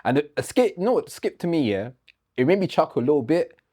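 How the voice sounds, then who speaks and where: A man co-hosting a casual chat about film and celebrity news, easygoing and quick with agreeing yeahs. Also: on the high side, very animated, dark tone. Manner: easygoing, lots of yeahs and restarts. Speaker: co-host.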